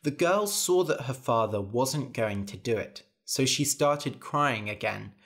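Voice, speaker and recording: A man narrating a simple storybook tale for language learners, clear and deliberate. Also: medium pitch, expressive, fairly bright tone.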